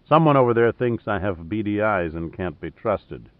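A man's voice: fairly low pitch, expressive, moderate pace, no echo, close to an everyday voice. A man reading a tough male adventurer who talks with dry, understated humor. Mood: wry. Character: wry, tough male adventurer, wounded and laconic. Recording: narrow phone-like sound.

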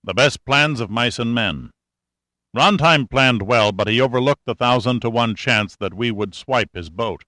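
A man's voice: medium pitch, a little slow, bright, forceful tone, dry recording. A man voicing a cool, sarcastic male adventurer in an audiobook, speaking in a dry, matter-of-fact way. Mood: explaining.

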